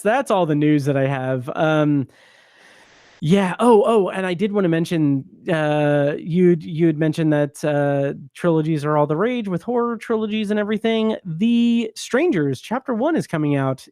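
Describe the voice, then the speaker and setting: A man hosting a relaxed film podcast in a somewhat high but mellow voice. He rambles easily from one aside to the next and laughs often. The sound is dry and close. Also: normal speed, dry recording. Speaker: podcast host. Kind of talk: casual film podcast chat.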